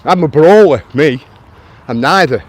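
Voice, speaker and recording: A man from Lancashire, England, with a fairly high, expressive voice, talks unhurriedly to his live-stream viewers as he walks outdoors through a town near traffic. It's a casual walking stream where he answers their comments and calls them mate.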